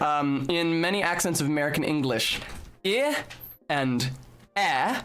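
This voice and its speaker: A man's voice: a little high, fairly bright tone. A young man streaming a game, chatting casually and explaining at length, with the odd swear. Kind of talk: live game stream chat.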